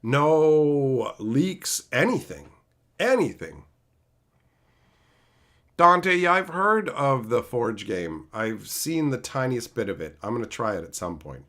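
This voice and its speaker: A man's voice: medium pitch, a little slow, hardly any pauses. A man in his thirties, live-streaming and chatting with viewers by name, ranting with lots of profanity. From Canada. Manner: animated, profane ranting, answering chat by name.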